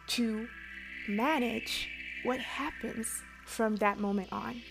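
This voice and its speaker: A woman's voice: fairly high pitch, low-quality recording. A woman giving a motivational self-help talk to her viewers, earnest and coaching, repeating key phrases for emphasis. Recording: clear music bed behind voice.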